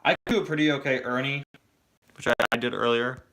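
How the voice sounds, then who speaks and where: A man's voice: mid-range voice, fairly even intonation, fairly quick, a bit bright, slight background noise. A man chatting casually during a live Q&A stream, rambling and restarting his sentences. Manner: rambling, hesitant, many restarts. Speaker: toy review streamer.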